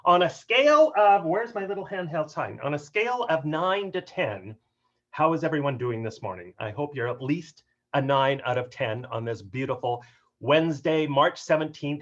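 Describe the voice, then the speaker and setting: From his home office on a video call, a man gives an upbeat keynote webinar on workplace humor, packed with jokes and delivered in an animated, playful way. He speaks at a medium pitch and moderate pace, and the video call mic produces dull, lo-fi audio.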